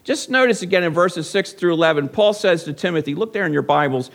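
A man's voice: fairly high pitch, lively intonation, fast talker, creaky, few pauses. A male pastor delivering a sermon in a church service, reading scripture and asking the congregation rhetorical questions.

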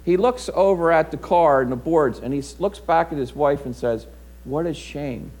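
A man's voice: fairly high pitch, animated, normal speed, a little mellow. A middle-aged man preaching a sermon, telling a folksy personal story in a conversational way before reading scripture. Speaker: pastor.

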